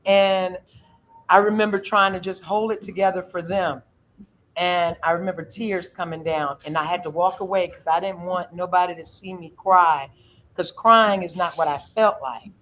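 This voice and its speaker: A middle-aged woman hosts a casual chat and tells a personal story, acting out the quoted voices with emotion and animation. Her voice is on the low side and moves at a normal speed, though the audio quality is poor.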